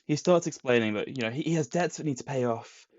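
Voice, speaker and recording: A man's voice: mid-range voice, fast talker, a little mellow. A man co-hosting a podcast, casually recapping a comic plot with put-on quotes. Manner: retells plots with put-on quotes. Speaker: podcast co-host. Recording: dull lo-fi sound.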